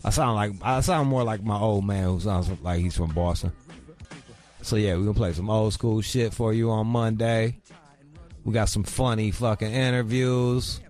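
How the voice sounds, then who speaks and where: A man's voice: mid-range voice, steady tone, moderate pace, darkish tone, soft background music. A man hosting a radio show, talking in a crude, brash, rambling way. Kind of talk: casual uncensored radio chat. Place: radio studio.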